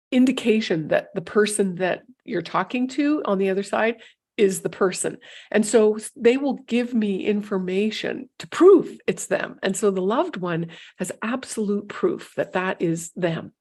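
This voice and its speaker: A middle-aged woman, a psychic medium, telling client stories to camera in a casual, animated and emotional way, often restarting her sentences. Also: mid-range voice.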